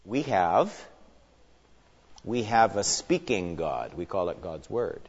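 A man's voice: sits low, sing-song, slow pace. Earnest man teaching in a reverberant hall. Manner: earnest, emphatic, with wry asides. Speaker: Bible teacher. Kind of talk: teaching lecture opened with prayer. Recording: long hall reverb, dull lo-fi sound.

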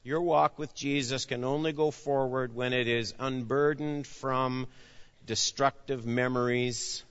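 A man preaching a sermon, acting out the dialogue of his story and swinging between loud emphasis and hushed, low delivery. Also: fairly even intonation, measured pace, clean tone, in a large hall, lo-fi sound. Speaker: pastor.

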